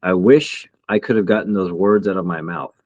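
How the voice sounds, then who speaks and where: A man co-hosting a podcast, a military veteran speaking in a reflective, halting way in casual chat. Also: sits low, dry recording, muffled recording.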